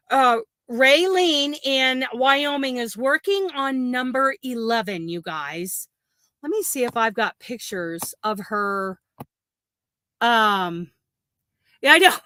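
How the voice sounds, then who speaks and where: A woman's voice: fairly high pitch, sharp tone, dry recording. A woman hosting a crochet livestream, chatting in a rambling, gushing way and laughing often. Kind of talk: casual livestream chat.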